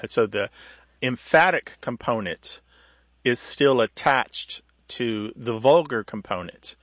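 A man's voice: medium pitch, expressive, slow, fairly bright tone, no echo. A male radio co-host explaining how words become vulgar, thoughtful and patient, with small restarts. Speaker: radio show co-host, language expert.

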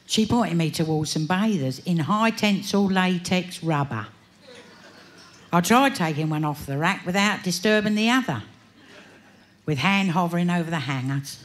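A woman's voice: fairly low pitch, moderate pace. An Australian woman recites a comic rhyming poem, with broad, self-mocking delivery and a sing-song rhythm. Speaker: bush poet.

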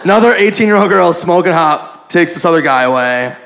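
A male stand-up comedian tells a crude story in a high, gravelly voice, chuckling at his own punchlines. He is recorded live in a club, with a loud crowd laughing and plenty of room noise around him. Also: expressive, a little fast.

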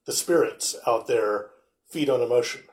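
A man's voice: mid-range voice, normal speed. A man in a casual conversation, speaking wryly and acting out other people's words when he tells stories. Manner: wry, animated when quoting people. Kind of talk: casual chat.

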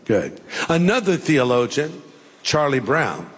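A man's voice: medium pitch, big pitch swings, breathy edge. Older male preacher in a big hall. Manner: folksy, jokey storytelling with pauses. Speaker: pastor. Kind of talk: sermon. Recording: long hall reverb.

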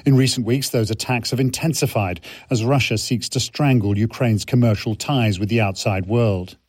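A man delivering a scripted radio report from abroad in a measured, somber way. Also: mid-range voice, fairly even intonation, a little mellow, breathy edge, dry recording, clean studio sound. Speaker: foreign correspondent.

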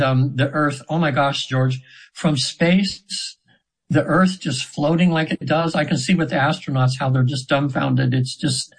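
A mid-range male voice comes through poor audio. He's a hypnotherapy practitioner in his seventies, a guest in a casual interview, recounting his sessions sincerely and circuitously with lots of restarts.

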